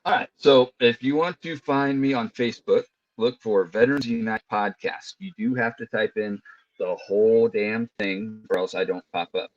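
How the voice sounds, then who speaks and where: A man's voice: mid-range voice, moderate pace, dry recording. A man as a podcast guest, chatting casually and telling laid-back stories over an internet call. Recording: dull lo-fi call audio.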